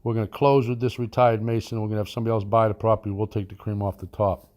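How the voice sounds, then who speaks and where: A man's voice: fairly low pitch, level tone, very fast, darkish tone. A man who teaches land investing tells a long business anecdote in a rambling, folksy way, with fillers and asides. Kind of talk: anecdotal storytelling.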